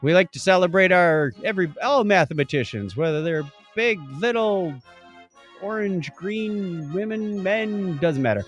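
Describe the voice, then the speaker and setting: A man with a high, very lively voice co-hosts a casual podcast. He reads history notes and laughs at his own slips, with faint music behind him. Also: unhurried. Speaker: podcast co-host.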